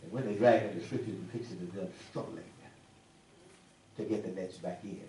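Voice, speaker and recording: A man preaching a sermon to a congregation, folksy and animated, teasing people in the pews. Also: low voice, a little fast, vocal fry, a little hiss or hum. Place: church sanctuary. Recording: echoey room, mic at a distance, faint ambience.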